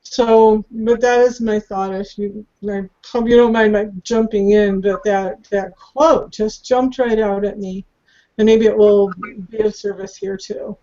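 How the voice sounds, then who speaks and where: A woman's voice: mid-range voice, fairly even intonation, measured pace, warm tone, highs cut off. A woman candidly sharing her spiritual questions and thoughts in an earnest, searching way. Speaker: circle participant.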